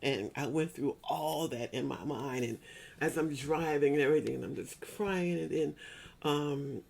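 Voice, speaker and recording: Middle-aged woman, gravelly timbre, earnest churchgoing testimony, repeats herself for emphasis. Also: low-pitched, normal speed, a little mellow. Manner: earnest and repetitive, often circling back to restate a point; spiritual, church-going tone. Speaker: speaker sharing a personal grief story. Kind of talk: heartfelt personal testimony.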